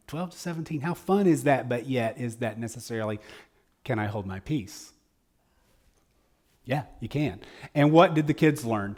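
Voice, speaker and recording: Guy giving a sunday talk at church, earnest and folksy, loud on the big points then soft asides. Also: medium pitch. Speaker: speaker at a church service. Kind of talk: conversational sermon.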